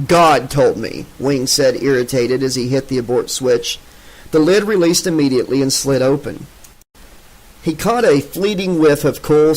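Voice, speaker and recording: A man narrating a novel in a steady, even way. His voice sits at a middling pitch and keeps the story moving. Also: poor audio. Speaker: audiobook narrator. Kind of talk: audiobook narration.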